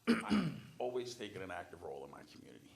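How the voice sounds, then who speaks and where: A man's voice: deep voice, wildly swooping pitch, fast, vocal fry. A man applying for a council seat, answering interview questions in a council chamber with chatty, rambling storytelling. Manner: chatty storytelling, restarts and fillers. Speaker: city council applicant.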